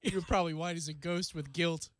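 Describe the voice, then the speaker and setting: A man's voice: a little high, fairly even intonation, fast talker, a bit bright. A man co-hosting a radio show in casual banter, wry and chatty as he trades stories. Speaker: radio co-host.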